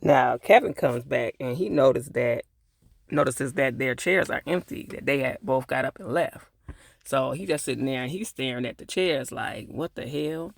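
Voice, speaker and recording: A man's voice: mid-range voice, normal speed, vocal fry. A man casually retelling a TV episode, with loose, chatty asides. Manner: loose, conversational retelling with lots of filler asides. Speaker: TV episode reviewer.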